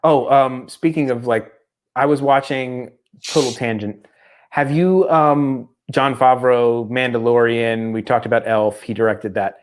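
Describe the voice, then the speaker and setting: A middle-aged man chatting on a podcast with an average-pitched voice. He tells stories at length and wanders into tangents. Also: unhurried. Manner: animated storyteller, slips into mock accents. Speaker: podcast co-host. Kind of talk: casual chat.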